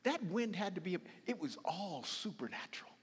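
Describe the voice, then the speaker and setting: A man preaching a sermon as a bishop, telling the story dramatically, acting out quoted voices and dropping from loud passages to hushed ones. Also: high voice, very animated, a little fast, husky. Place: large hall used for church services. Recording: long reverb of a large hall.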